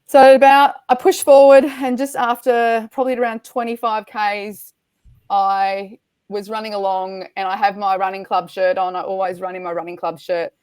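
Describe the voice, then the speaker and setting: A middle-aged woman, a podcast guest, telling a race story in a lively, animated way and acting out the quotes. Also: medium pitch, normal speed, clear, resonant tone, no room sound. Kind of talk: storytelling in casual chat.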